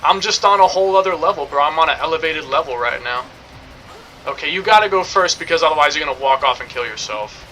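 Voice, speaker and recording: A man's voice: on the high side, expressive, fast, sharp tone, faint music behind, poor audio. A young man streaming a game, rambling and joking in casual commentary, swearing now and then.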